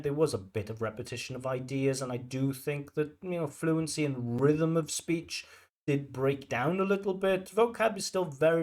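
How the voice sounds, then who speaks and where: A man's voice: mid-range voice, darkish tone. Guy breaking down an ielts speaking test, chatty and explaining, lots of you knows. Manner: explanatory, chatty, many "you know" fillers. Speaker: IELTS examiner giving feedback. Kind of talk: commentary on a recorded speaking test.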